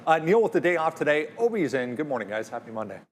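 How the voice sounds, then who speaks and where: A man's voice: a little high, fast, slight background noise. Man reading out the morning market news. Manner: steady, informative, many fillers. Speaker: stock market show host. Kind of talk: live market news rundown.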